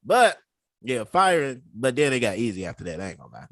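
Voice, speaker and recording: A man co-hosting a podcast, telling stories in a casual, animated way and laughing often. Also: medium pitch, fairly quick, no echo, clean studio sound. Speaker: podcast co-host. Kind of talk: casual storytelling chat.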